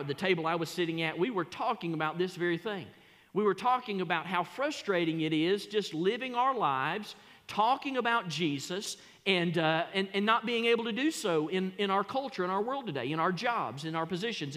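A man preaching a sermon as pastor, emphatic, repeating his phrases and rising to loud peaks. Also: high voice. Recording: long reverb of a church hall.

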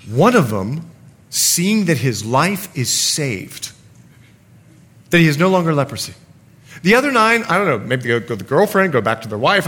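A man's voice: mid-range voice, a bit bright, husky. A man preaching a sermon to his congregation, reading scripture and acting out the speakers in his stories. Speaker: pastor.

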